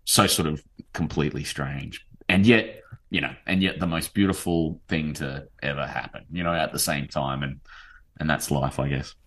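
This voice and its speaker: A very low-pitched Australian man in his forties chats as an interview guest. He talks in an animated, rambling way, piling on fillers as he tells his stories. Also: moderate pace. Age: 40s. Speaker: novelist guest. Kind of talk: casual interview chat.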